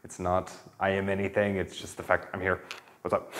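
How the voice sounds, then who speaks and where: Gently guiding man with a lowish voice. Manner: relaxed, gentle instruction with light laughter. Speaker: yoga teacher. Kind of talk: guided kundalini yoga class.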